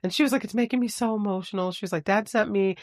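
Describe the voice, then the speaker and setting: A woman in her forties co-hosting a podcast in casual chat. She is playful and laughs often, and grows soft and tearful on family. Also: medium pitch, rapid-fire, dry recording, studio quality. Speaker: podcast co-host.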